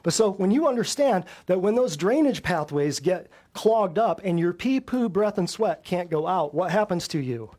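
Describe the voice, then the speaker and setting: A man's voice: high-pitched, lively intonation, normal speed, hardly any pauses, a little mellow. A man hosting a natural health show, lecturing a live audience bluntly and emphatically, often firing rhetorical questions at his listeners. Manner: blunt and combative.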